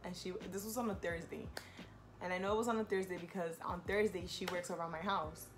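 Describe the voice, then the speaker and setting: A young woman telling a personal story in a casual, animated way. She talks in slang, fills her talk with "like", and voices the people in the story. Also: a little fast, over music. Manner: animated, quotes herself and others with rising pitch; heavy use of "like", slangy. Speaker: vlogger.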